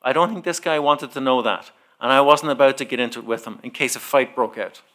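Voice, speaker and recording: Bright-voiced preacher telling a story. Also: male voice, mid-range voice, quick pace. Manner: animated storyteller who acts out the dialogue. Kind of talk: sermon storytelling.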